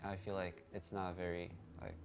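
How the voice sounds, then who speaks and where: A man's voice: low-pitched, flat delivery, moderate pace. A young man with a slight lisp answering interview questions in a blunt, dry, sarcastic way with short replies. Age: young adult. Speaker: interview guest, college student. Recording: faint music underneath.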